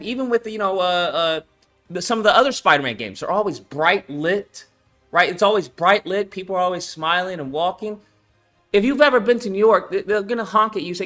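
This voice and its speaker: A young man chatting casually on a stream about his game project, slangy and animated, with lots of swearing and fillers. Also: high voice. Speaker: game developer and channel host. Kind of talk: casual livestream chat.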